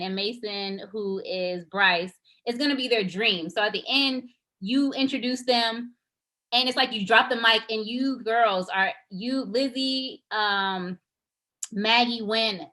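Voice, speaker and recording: A woman's voice: mid-range voice, sharp tone. A young woman, the writer and director, talking casually to her cast on a video call and then reading a script's stage directions aloud. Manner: chatty, effusive, reads stage directions aloud. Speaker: writer and director leading a table read.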